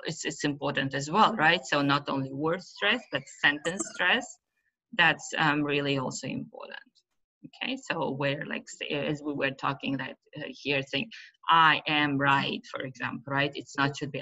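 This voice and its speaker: A woman gives an online webinar on teaching. She talks slowly in a low, bright voice and often stops to search for a word. The call audio is muffled and lo-fi. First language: Uzbek. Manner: hesitant, many fillers, loses her thread. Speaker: webinar presenter, teacher trainer.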